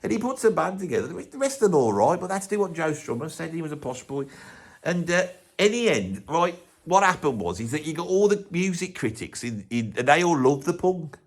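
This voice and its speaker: Bloke doing a grumpy brummie rock fan, middle-aged, rambles and swears a lot. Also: male voice, on the high side, big pitch swings, brisk. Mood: grumbling. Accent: Birmingham. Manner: rambling, swears often, scoffing. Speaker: comedy character host. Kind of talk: comic rant to camera.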